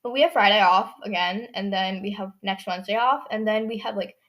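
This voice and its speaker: A teenage girl hosting her own podcast, rambling casually about her life. Her talk is sarcastic and full of "like" and "um." Her voice sits at an everyday middle pitch for a girl. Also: brisk, a bit bright. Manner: chatty, sarcastic, lots of "like" and "um". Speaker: podcast host. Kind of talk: casual solo podcast chat.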